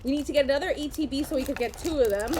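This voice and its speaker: A middle-aged woman talks through an unboxing at home in a high voice, gushing and excitable, with quick bursts of delight. A faint hiss sits under her voice throughout. She sounds like a parent sharing a hobby with her kids. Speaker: host. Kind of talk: casual unboxing chat.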